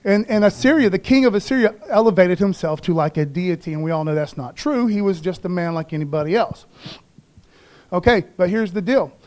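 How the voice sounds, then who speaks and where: A man's voice: high voice, expressive, a little fast, darkish tone. A man pastor preaching a conversational sermon in slangy everyday talk, calling for responses from the congregation.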